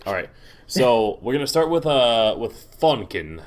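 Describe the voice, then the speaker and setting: A man's voice: mid-range voice, sing-song, unhurried. A man running a tabletop game as dungeon master, brash and swearing casually.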